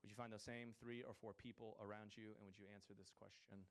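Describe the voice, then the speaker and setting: A man's voice: on the low side, level tone, fairly quick. A man preaching a sermon to his congregation in a church, earnest and building to emphatic declarations. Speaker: pastor. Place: church hall before a congregation.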